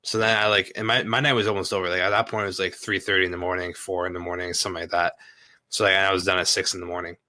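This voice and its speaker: A man's voice: low-pitched, racing, no room sound. A man casually retelling a story, full of swearing and fillers. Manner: profane, filler-heavy, animated retelling.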